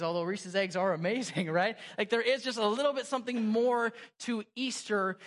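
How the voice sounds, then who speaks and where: A young adult man, a pastor, preaching a sermon in church in a casual, self-deprecating storytelling way with quick asides. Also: sits high, a bit bright.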